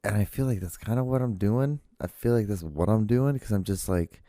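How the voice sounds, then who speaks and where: A man's voice: lowish voice, brisk, dark tone, dry recording, clean studio sound. A man hosting his own podcast, talking in a rambling, profane solo monologue full of restarts. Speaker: podcast host.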